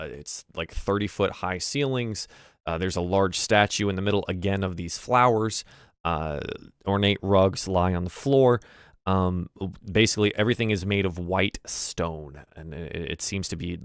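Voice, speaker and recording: A man narrating a tabletop game as game master, halting and repeating words as he describes scenes. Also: sits low, smooth, no room sound, studio quality. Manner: halting, many fillers and restarts.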